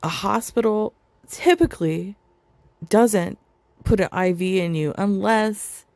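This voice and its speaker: A woman's voice: mid-range voice, slow pace, gravelly, darkish tone, no room sound. A woman giving profane, mocking reaction commentary over a video, sarcastic and blunt. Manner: sarcastic, mocking, swears often.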